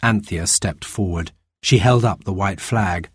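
A man narrating a children's storybook in a plain, measured way. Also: low voice, slightly rough, no echo, studio quality. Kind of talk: storybook reading.

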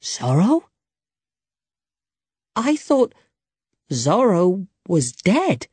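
A man voicing a reckless, hot-headed young swordsman in an audiobook, eager and quick to raise his voice. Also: a little high, lively intonation, dry recording. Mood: brash. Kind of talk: audiobook character reading.

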